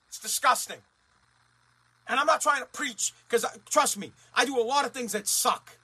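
A man's voice: very high-pitched, normal speed, bright, forceful tone, husky. A man ranting as a talk radio host, blunt, profane and fired up.

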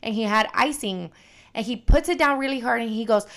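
Young female podcast co-host, gravelly, pitched a little high, animated and profane. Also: fairly quick. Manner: animated storytelling, heavy swearing. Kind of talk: casual chat.

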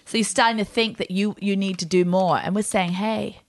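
A woman's voice: mid-range voice, brisk. Playful woman podcast co-host. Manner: animated, playful teasing. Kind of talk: casual chat.

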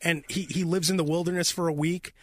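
A man's voice: on the high side, fairly even intonation, brisk. A man hosting a radio morning show, rambling and joking in casual on-air banter. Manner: rambling, joking, self-interrupting. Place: radio studio. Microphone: studio microphone.

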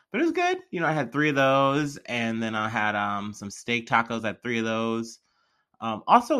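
A man's voice: medium pitch, sharp tone. A young man from the American Midwest hosting a casual solo podcast, rambling and chatty with many fillers. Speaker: podcast host.

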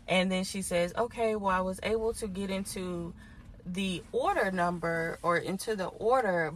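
Exasperated woman telling a story, low voice. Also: slight background noise. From Houston. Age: adult parent. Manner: animated, exasperated storytelling with asides to listeners. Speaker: podcast host. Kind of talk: casual storytelling monologue.

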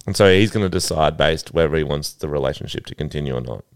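Smooth-voiced man riffing. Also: extremely low pitch, fast, no room sound. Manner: riffing, storytelling, laid-back. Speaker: podcast co-host. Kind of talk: casual comedy chat.

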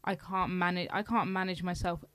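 Chatty young woman, low-pitched. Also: fairly even intonation, a little fast, a bit bright, no room sound, clean studio sound. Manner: candid, chatty, laughs often, quotes herself. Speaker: podcast co-host. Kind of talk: casual chat.

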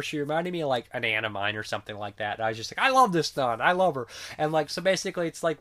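A man casually reviewing movies in a rambling, animated way, swearing now and then, and sounding sick. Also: medium pitch. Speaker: film reviewer.

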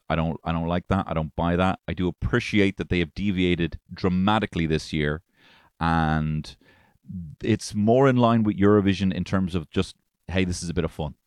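Irish male podcast host, low voice, dry close sound, crude rambling jokes. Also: normal speed, darkish tone, clear, resonant tone, dry recording. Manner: irreverent, profane, rambling jokey asides. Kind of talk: casual podcast chat.

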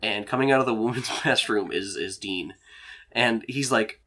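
A man's voice: on the low side, normal speed, slight background noise. A man narrating as game master, rambling with lots of fillers. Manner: rambling, filler-heavy, relaxed.

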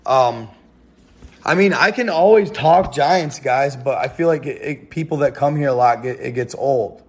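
A man's voice: mid-range voice, moderate pace. A young man rambling casually to his viewers in a live stream, slangy and laughing often.

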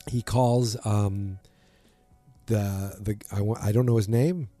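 Low, mellow man recapping a show. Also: steady tone, slow, soft background music. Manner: rambling, lots of ums and restarts, retells scenes by acting out quotes. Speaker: podcast host recapping a TV episode. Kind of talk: casual recap chat.

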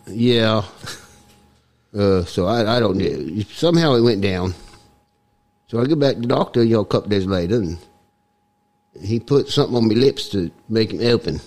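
A man's voice: fairly low pitch, lively intonation, moderate pace, long pauses, a little mellow. A man putting on a Cockney accent while telling a rambling tall tale with chuckles in a garage. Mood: joking.

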